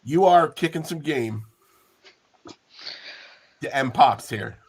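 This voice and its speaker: A man running a tabletop game as game master, playful, with quick asides. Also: a little high, animated, breathy edge.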